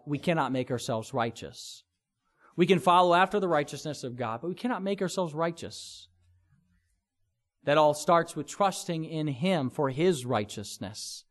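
A man with a notably high-pitched voice preaching a sermon. He speaks earnestly and expressively, punching his points with vivid sound words. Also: fairly bright tone. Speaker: pastor.

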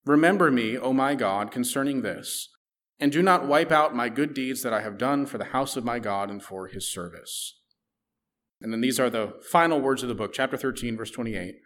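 A man's voice: mid-range voice, fairly bright tone. Man teaching from a Bible passage. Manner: reads scripture aloud, then explains it conversationally. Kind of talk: Bible teaching with scripture reading.

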